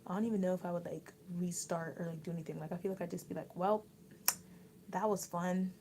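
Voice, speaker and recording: A woman's voice: fairly low pitch, steady tone, racing, noisy background. A young woman hosting a casual livestream, chatting and reading out viewer comments in a rambling way, full of likes and restarts. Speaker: livestream host.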